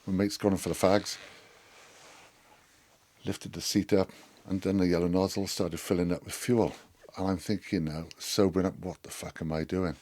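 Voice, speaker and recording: Middle-aged man, low voice, lively cheeky storyteller with a salty mouth. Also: moderate pace. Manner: animated, sweary storyteller. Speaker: podcast guest. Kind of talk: storytelling anecdote.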